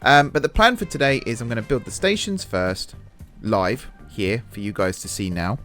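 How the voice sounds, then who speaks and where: A man's voice: medium pitch, lively intonation, moderate pace, a bit bright, soft background music. A man hosting a casual let's-play, chatting and thinking aloud while he builds, and poking fun at his own mistakes. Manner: self-deprecating about mistakes. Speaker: gaming channel host.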